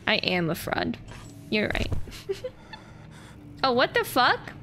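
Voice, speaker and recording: High-voiced, sweary woman streamer. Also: wildly swooping pitch, takes it slowly, bright, forceful tone, slight background noise. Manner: playful, sweary, giggly, talks to chat. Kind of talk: casual gameplay commentary.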